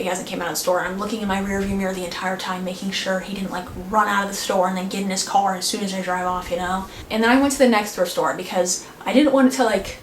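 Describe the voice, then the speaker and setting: Chatty young woman in an echoey room. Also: medium pitch. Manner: chatty, frequent "like" fillers. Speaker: vlogger. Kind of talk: casual storytime chat. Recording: echoey room with faint noise.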